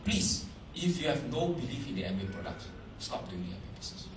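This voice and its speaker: A man giving a seminar talk to a live audience, animated, quizzing the crowd, in broken English phrasing. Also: mid-range voice, a little fast, reverberant, far from the mic, slight background noise, rough recording. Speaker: motivational speaker at a business seminar.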